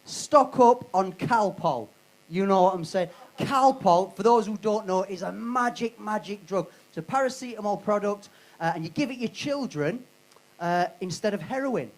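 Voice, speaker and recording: A man's voice: high voice, lively intonation, normal speed, rough recording. A man doing live stand-up on a comedy club stage, brash and sweary, teasing the crowd.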